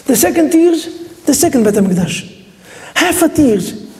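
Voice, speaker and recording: Mellow-voiced rabbi in a reverberant hall. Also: male voice, very high-pitched, a little slow. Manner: animated storytelling, quizzing the audience with questions; non-native English with Hebrew terms. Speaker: rabbi teaching a class. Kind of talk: Torah lesson.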